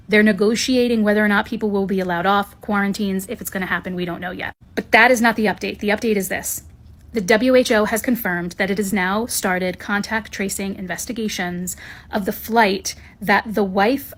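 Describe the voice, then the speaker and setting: A woman giving viewers a brisk, step-by-step news update. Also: medium pitch. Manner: brisk, informative, sequential recounting.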